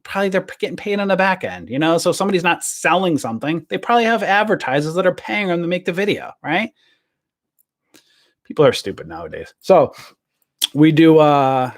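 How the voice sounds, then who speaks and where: A man hosting a stock trading channel, ranting to camera in a blunt, rambling way and swearing freely. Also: fairly high pitch.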